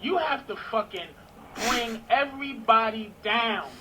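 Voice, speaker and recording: A man's voice: very high voice, unhurried, background noise. A man hosting a radio talk show, blunt, profane and pushy as he grills a caller. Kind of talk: loud raunchy radio banter.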